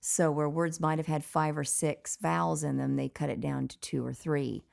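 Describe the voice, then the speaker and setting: A woman's voice: sits low, level tone, moderate pace, creaky, a little mellow. A woman leading a casual language lesson, patiently explaining pronunciation and spelling. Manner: patient, explanatory, light laughs. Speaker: session leader, language teacher.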